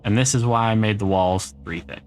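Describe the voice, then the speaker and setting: A man's voice: fairly low pitch, brisk, darkish tone. A middle-aged man streaming a game, chatting casually and answering viewer comments as he plays. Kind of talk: casual gameplay chat.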